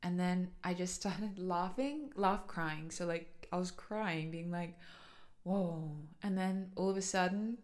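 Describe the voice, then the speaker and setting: A woman's voice: lowish voice, measured pace, hardly any pauses. A young adult woman talking casually about her spiritual practice, earnest and flowing, with many "like"s and "so"s. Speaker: light language channeler. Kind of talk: casual personal talk.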